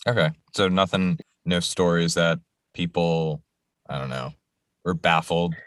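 A man hosting a casual interview, offering short backchannels and relaxed questions. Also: deep voice, unhurried, dry recording, clean studio sound. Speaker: podcast host.

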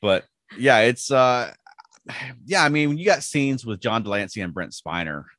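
A man's voice: medium pitch, lively intonation, normal speed, a bit bright, no echo, clean studio sound. A man hosting a podcast in casual chat, talking easily with frequent laughs and restarts. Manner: chatty, laughs often, many restarts. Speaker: podcast host.

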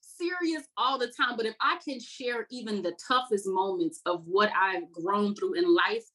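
A woman's voice: medium pitch, moderate pace, a bit bright, slightly rough, low-quality recording. A woman in her thirties, an army veteran guest, telling her story candidly with an earnest, self-mocking manner. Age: 30s. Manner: earnest, reflective, laughs at herself.

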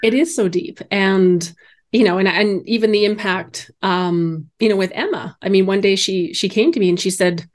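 Woman, mid pitch, animated storyteller, acts out quoted voices, conversational. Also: moderate pace. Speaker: bereaved mother.

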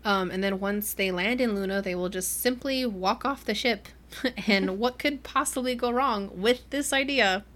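A young woman hosting a book club podcast, retelling a novel's plot in a chatty, animated way and acting out the characters' lines. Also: medium pitch, normal speed. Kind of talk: casual chat recapping a book.

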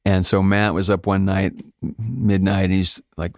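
A low-voiced man from Alaska tells his story as a guest in a relaxed interview. He is animated and leaps into high voices whenever he quotes someone. The sound is dry and close, with no room around it. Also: moderate pace, few pauses, no echo. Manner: animated storyteller, jumps high when quoting others. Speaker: guest musician.

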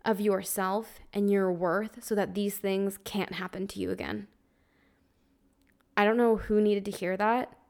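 A young woman hosts a loose, heartfelt spiritual podcast, speaking straight to her listeners in a smooth, middling-pitched voice. She is earnest and conversational, leaning heavily on "like" and other fillers and cursing occasionally. Emotional and close to tears, she keeps talking anyway.

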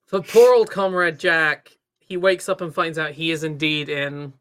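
A woman's voice: low voice, steady tone, unhurried. A woman co-hosting a casual chat, playful and jokey as she recaps a story. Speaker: podcast co-host.

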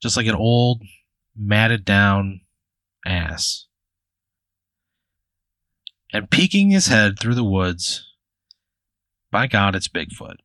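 As game master of an improvised tabletop game, a man narrates in a loose, chatty way, full of "like" and "you know." His fairly low, bright voice has a forceful edge and is expressive, very slow, and pause-heavy, recorded dry and close.

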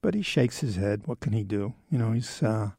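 A man's voice: lowish voice, animated, normal speed, gravelly, warm tone, no echo, clean studio sound. A man in his seventies talking in a rambling, wry, self-deprecating monologue as host. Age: 70s. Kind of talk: casual monologue.

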